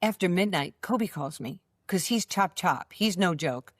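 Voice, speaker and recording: An older woman, a basketball coach, telling lively stories in an interview and acting out the dialogue. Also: on the low side, unhurried, no room sound, clean studio sound. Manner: lively storyteller who acts out quoted dialogue. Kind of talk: storytelling interview.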